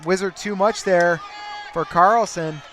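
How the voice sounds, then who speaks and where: A man with a fairly high voice calls live wrestling play-by-play, his delivery swinging from quick, level commentary to loud shouts whenever a big move lands. A faint crowd murmurs behind him in the arena. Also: slight background noise. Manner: surges into excited shouting on big moves. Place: tournament arena.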